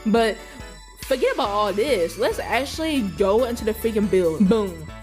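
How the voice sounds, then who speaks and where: A young woman giving an excitable, giggly, slangy voice-over tour of a game build. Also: medium pitch, moderate pace. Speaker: vlogger touring a game build. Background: background music.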